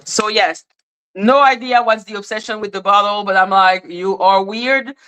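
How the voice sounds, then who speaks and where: A woman's voice: medium pitch, fairly even intonation, moderate pace, bright, forceful tone, smooth, poor audio. A woman hosting a livestream, ranting in a blunt, sarcastic and confrontational way while answering her chat. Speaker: livestream host. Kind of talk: casual livestream rant reacting to chat.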